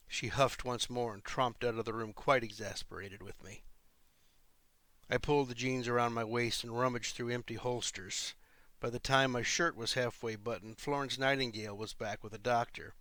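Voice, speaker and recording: A man, an author and podcast host, reading his own fiction in measured first-person storytelling. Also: medium pitch, fairly even intonation, fairly bright tone, no echo.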